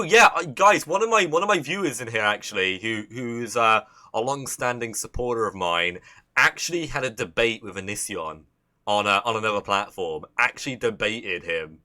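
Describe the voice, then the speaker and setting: A young Midlands man with a fairly low, sharp-toned voice and a Midlands accent hosts a casual livestream. He chats with viewers rambling on, swearing frequently and often starting sentences over.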